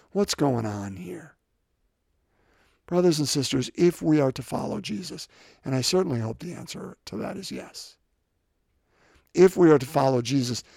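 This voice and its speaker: A man with a somewhat high, gravelly voice preaches a sermon in a relaxed, talky way. He keeps asking his listeners questions and acts out the quoted scripture with changing voices. The sound is close and dry. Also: no room sound. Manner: conversational, asks rhetorical questions.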